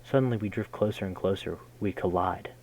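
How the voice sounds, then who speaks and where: A man reading a game's story text aloud in a measured way, breaking in with casual, slangy jokes as a gaming host. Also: deep voice, darkish tone, a little hiss or hum, poor audio. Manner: measured narration broken by casual slangy comments. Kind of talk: reading game text aloud with jokey asides.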